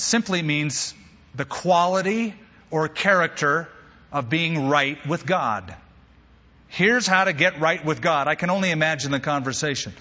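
A man preaching with a lively, bright voice that rises a little high, slightly husky at the edges. He tells stories with playful asides. The sound is dull and lo-fi, with a long hall reverb. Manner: animated storyteller with humorous asides. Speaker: pastor. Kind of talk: sermon.

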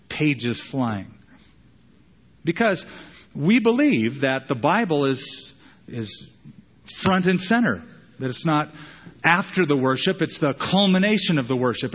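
A man pastor preaching a sermon in a church sanctuary, talking in a conversational way with repeated emphatic phrases and sudden pitch jumps. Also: in a large hall, lo-fi sound.

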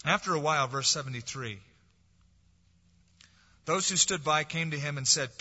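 A man preaching a sermon, swinging from forceful, dramatic lines to soft, hushed ones. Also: fairly high pitch, expressive, moderate pace, husky. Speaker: pastor. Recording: dull lo-fi sound with long hall reverb.

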